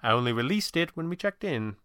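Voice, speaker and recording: A man reading an audiobook voices a polite, composed wealthy young gentleman who speaks in a courteous, measured, formal way. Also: mid-range voice, very animated, clear, resonant tone, no echo, studio quality, voice pushed up. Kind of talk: audiobook narration.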